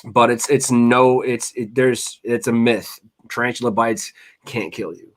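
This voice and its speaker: A man hosting a relaxed talk show, telling stories in a loose, rambling way. He swears casually and restarts his sentences often. His pitch sits in the middle of the range. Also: measured pace. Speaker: host, chef. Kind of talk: casual chat.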